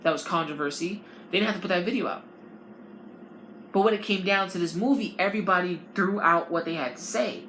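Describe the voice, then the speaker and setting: A woman podcaster rants casually, swearing freely and jumping between points. Her voice is on the low side. The recording sounds roomy, with a faint hum of ambience behind it. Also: brisk. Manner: animated, profane, rambling delivery. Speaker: podcast host.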